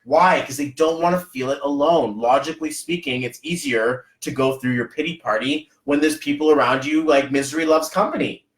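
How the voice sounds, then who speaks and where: Man, podcast host, casual motivational talk, animated, slightly high voice, echoey room. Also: a little fast, hardly any pauses. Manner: animated, acts out little scenes in other voices. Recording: roomy echoey sound.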